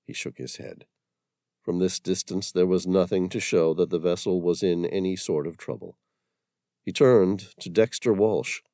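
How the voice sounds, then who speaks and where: A man narrating a thriller audiobook in a measured, dramatic way. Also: deep voice, fairly even intonation, mellow, no room sound, studio quality.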